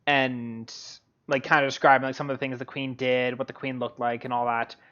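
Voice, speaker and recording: A man narrating as game master of a tabletop game, halting and full of fillers. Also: mid-range voice, level tone, bright, forceful tone. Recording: dull lo-fi audio.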